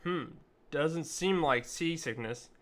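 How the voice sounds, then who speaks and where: A chatty, reassuring male peddler aboard a ship, as a man reads his game lines aloud. The voice is bright and forward, and the talk is homespun and colloquial, in a plain everyday register. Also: a little high, slow.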